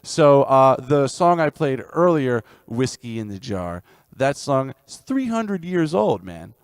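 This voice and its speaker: A man's voice: mid-range voice, big pitch swings, takes it slowly, clean tone, dry recording, clean studio sound. Chatty man streaming between songs. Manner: chatty, rambling asides, sings folk songs loudly. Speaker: musician live streaming. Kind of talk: casual chat between songs.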